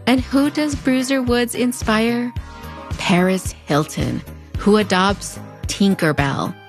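A woman's voice: on the high side, takes it slowly, soft background music. A woman in her thirties with a US–Mexico border accent, narrating a scripted video essay in a wry, playful, conversational way. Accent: US–Mexico border (fronterizo). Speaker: host.

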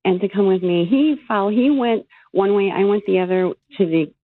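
A woman's voice: medium pitch, fairly quick, no echo. Heated woman on a phone line. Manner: animated, still angry while retelling. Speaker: caller. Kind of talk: telling a story on a call-in radio show.

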